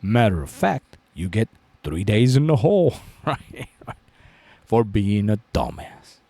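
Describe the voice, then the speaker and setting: A man's voice: fairly low pitch, very animated, slow, warm tone, dry recording. A man hosting a commentary channel, telling a fable in a profane way, often asking "right?" and chuckling. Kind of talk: storytelling commentary.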